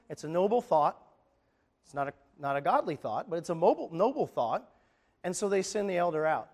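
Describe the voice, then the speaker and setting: A man's voice: sits high, big pitch swings, a little fast, darkish tone. A man preaching a sermon, talking in a conversational, emphatic way with frequent restarts and scripture readings.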